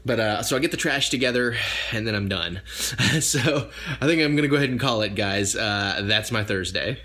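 A young man chatting casually to the camera in a weekly vlog, animated and quick to swear when annoyed. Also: lowish voice. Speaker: vlogger.

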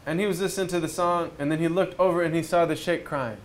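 A man with a slightly higher voice gives a reflective spiritual talk outdoors near a river. He tells stories in a relaxed, conversational way and keeps asking his audience rhetorical questions. Faint ambient noise sits behind him. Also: quick pace. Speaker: speaker at a retreat.

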